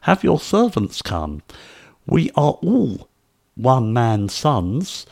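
A man's voice: medium pitch, very animated, drawn-out words, vocal fry, exaggerated voice. A man voicing a group of anxious grown brothers pleading their innocence in an earnest way.

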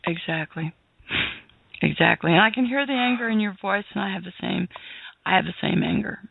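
A woman guest on a radio interview, talking earnestly with many halting restarts. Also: medium pitch, gravelly, no echo. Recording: tinny phone line.

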